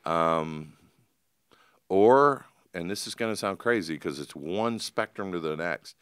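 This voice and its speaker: Very deep-voiced, earnest man. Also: animated, a bit bright, clean tone, dry recording, clean studio sound. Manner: earnest, open, halting restarts. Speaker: restaurateur, podcast guest. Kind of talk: casual interview chat.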